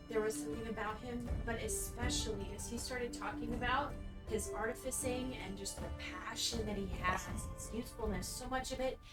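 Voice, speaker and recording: A woman player speaking in character at a tabletop game, gushing and breathy. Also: a little high. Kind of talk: in-character role-play. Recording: distant echoey mic with loud music.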